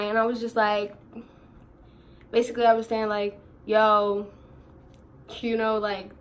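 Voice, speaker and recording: A young woman in her teens telling a storytime vlog in casual chat, animated, slangy and quick to laugh while she quotes others. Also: mid-range voice, slight background noise. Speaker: vlogger.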